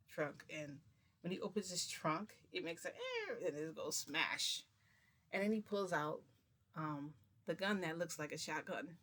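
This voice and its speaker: A woman's voice: low voice, fairly bright tone. A woman vlogger telling a long casual story to her viewers, chatty and rambling, with many restarts.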